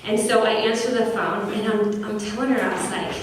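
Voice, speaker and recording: An earnest woman founder tells a personal story with animation, speaking at an event. Her voice sits at an everyday middle pitch and echoes heavily around a large room. She is heard from some way off the mic, with faint noise behind her. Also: brisk, few pauses, distant mic. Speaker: business founder.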